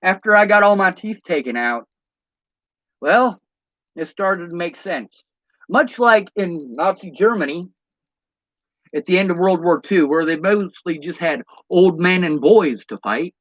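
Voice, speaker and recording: A man's voice: high-pitched, lively intonation, measured pace, a bit bright, no echo. Profane ranting man, dull lo-fi sound. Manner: blunt, profane, rhetorical questions. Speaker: vlogger. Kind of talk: ranting monologue to camera.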